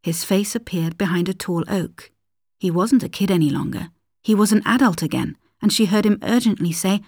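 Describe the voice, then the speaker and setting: A woman narrating a scripted story calmly, at times dropping into whispers. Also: medium pitch, moderate pace, no echo, clean studio sound.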